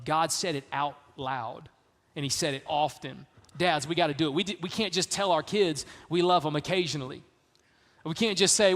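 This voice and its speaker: A man's voice: on the high side, a bit bright. A middle-aged man preaching a sermon as pastor, emphatic and repetitive, often saying "man". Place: church sanctuary. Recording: reverberant church hall.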